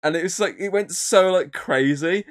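A man's voice: high voice, moderate pace. A man co-hosting a podcast, rambling through a film recap with lots of fillers and swearing. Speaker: podcast co-host. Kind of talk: casual podcast chat.

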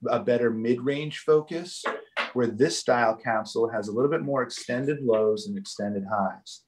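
A man's voice: lowish voice, slight background noise, low-quality recording. A man guiding a live virtual tour through a microphone factory, explaining technical details casually with frequent fillers and check-ins.

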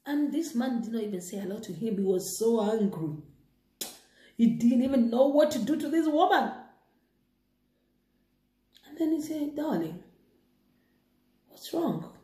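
A woman retelling a moral story and preaching, animated and excitable. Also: a little high, moderate pace, pauses often. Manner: animated, excitable, laughing asides. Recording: echoey room.

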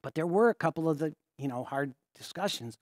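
A male pastor telling a story in a sermon in a conversational way, stopping and restarting his sentences and often dropping to a hushed voice. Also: fairly high pitch, animated, brisk, no room sound, clean studio sound.

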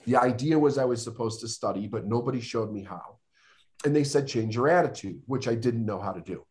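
A middle-aged man, a podcast guest, telling his life story in an earnest, emotional way with dramatic pauses. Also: mid-range voice, a little mellow. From United States. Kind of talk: storytelling interview.

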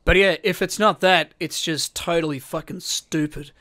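Man telling a story, slightly high voice. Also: normal speed. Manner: lively storyteller, swears freely, acts out quotes. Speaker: podcast co-host. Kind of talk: casual podcast chat.

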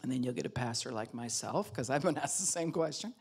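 A woman pastor preaching with a low voice that swings widely and expressively. She keeps her sermon lively, acting out the voices of the people she talks about and laughing often. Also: fast, husky. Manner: animated, acts out quoted voices, laughs often.

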